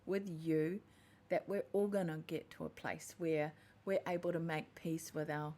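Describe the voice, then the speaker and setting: She has a deep, mellow voice with fairly even intonation and speaks a little slowly. As a podcast host, she gives an earnest, reflective monologue and keeps correcting herself mid-thought.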